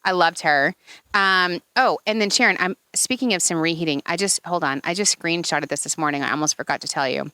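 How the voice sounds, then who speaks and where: Bright, gushing Long Island woman. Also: brisk, smooth, no room sound. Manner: gushing, chatty, acts out quotes in high voices. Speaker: podcast co-host. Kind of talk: casual chat. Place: outdoor garden.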